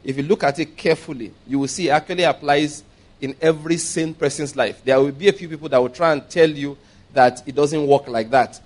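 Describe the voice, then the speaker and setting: A man's voice: a little high, brisk, a little mellow. A man preaching a sermon, reading scripture aloud and stressing his points with repetition and questions to the congregation. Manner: emphatic, repeats key points, asks the congregation if they follow.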